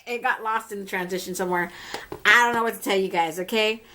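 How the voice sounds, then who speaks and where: A woman's voice: mid-range voice, steady tone, quick pace, pushed and bright, a little hiss or hum. A young adult woman reviewing makeup in a casual, candid, chatty way, laughing often and swearing now and then. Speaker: beauty vlogger.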